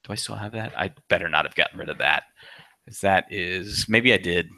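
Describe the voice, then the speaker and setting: A man co-hosting a casual movie chat, excitable and profane, often stumbling and restarting. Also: low voice, a little fast, no echo. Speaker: podcast co-host.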